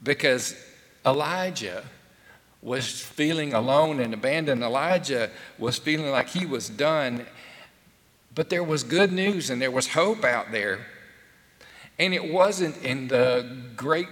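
Man, pastor, conversational sermon, unhurried delivery, long church reverb. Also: medium pitch, fairly bright tone. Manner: conversational preaching with frequent fillers and rhetorical questions. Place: church sanctuary.

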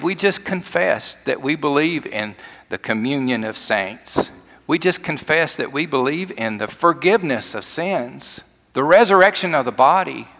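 Male pastor, gravelly, folksy sermon storyteller, church reverb. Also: fairly high pitch. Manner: folksy storytelling, shifts from loud to hushed.

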